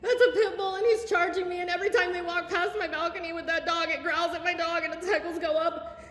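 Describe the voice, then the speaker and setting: A woman making an agitated, tearful complaint in an office, panicking and loud, recorded on her phone. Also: very high voice, little pitch movement, quick pace, reverberant, big-room sound. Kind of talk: heated confrontation filmed on phone. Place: indoors, apartment complex office. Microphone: phone camera.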